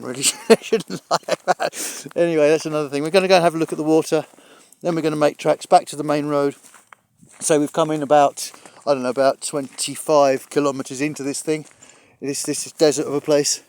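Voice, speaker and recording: A man's voice: on the high side, fairly even intonation, brisk, a little mellow, dry recording. Chatty, breathless man walking outdoors. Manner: rambling, chatty, dry humour, swears mildly. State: out of breath from climbing. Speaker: travel vlogger. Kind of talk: casual walking vlog. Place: outdoors on a hillside near water.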